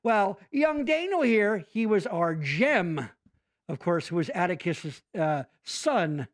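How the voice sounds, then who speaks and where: A man's voice: high voice, takes it slowly. A man hosting a casual podcast chat, rambling and swearing freely as he jumps from thought to thought. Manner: animated, profane, rambling. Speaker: podcast host.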